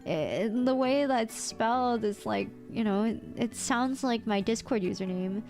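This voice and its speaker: Excitable high-voiced American woman streamer. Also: unhurried, faint music behind. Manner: excitable and playful, squeaky outbursts. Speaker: VTuber streamer. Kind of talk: casual livestream chat, reading chat aloud.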